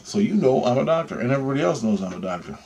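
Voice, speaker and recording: A man's voice: mid-range voice, very animated, racing, vocal fry, a little mellow, dull audio. A man casually recounting an experience in a rambling, profane way, acting out both sides of the conversation. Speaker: channel host.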